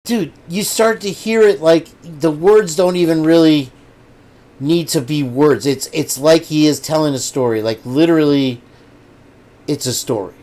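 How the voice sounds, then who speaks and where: A man's voice: a little high, measured pace, darkish tone. A man hosting a casual livestream, rambling and chatting straight to his viewers. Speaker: host.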